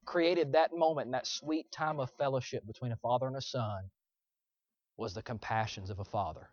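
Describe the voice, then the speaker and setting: A young man delivers a sermon story, earnest and confessional, his voice moving between emphatic and hushed. His pitch sits in an ordinary middle range. The recording is dry and a little dull. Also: normal speed, no room sound. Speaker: preacher. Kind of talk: sermon illustration.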